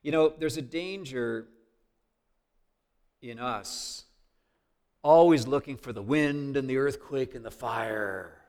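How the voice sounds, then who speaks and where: Earnest man preaching a sermon. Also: on the high side. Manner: earnest, conversational, swings from loud to hushed. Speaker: pastor.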